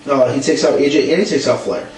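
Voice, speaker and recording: A man's voice: medium pitch, fast, a little mellow. A young man co-hosting a casual wrestling recap, blunt and ranting, laughing often. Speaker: podcast co-host. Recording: echoey room, distant mic, faint hum.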